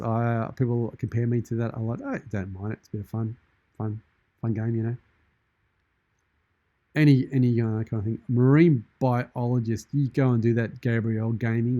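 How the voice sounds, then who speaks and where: An Australian man hosting a live stream in a shark persona, chatting casually and deadpan while reading out viewer comments from his studio. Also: mid-range voice, no echo, lo-fi sound. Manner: jokey, deadpan, in-character banter. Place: studio with green screen.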